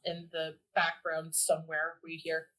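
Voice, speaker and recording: A woman's voice: deep voice, completely flat delivery, a little slow, fairly bright tone, low-quality recording. A woman playing a tabletop game, speaking politely and a little sweetly in character. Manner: polite and mildly sweet in character, calling a foe "dear". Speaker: player.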